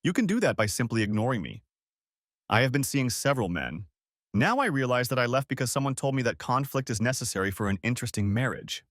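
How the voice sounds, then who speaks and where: Man voicing a contrite ex-wife pleading in a letter, lively pitch, dry close sound. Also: fast, dry recording. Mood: remorseful. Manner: earnest, apologetic reading.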